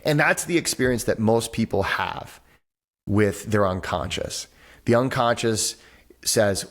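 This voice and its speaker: A man, a breathwork teacher and author, talks as a podcast guest over a video call. He explains things with animated energy, acts out little voices and often restarts his sentences. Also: fairly low pitch, a little slow. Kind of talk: conversational interview on a podcast.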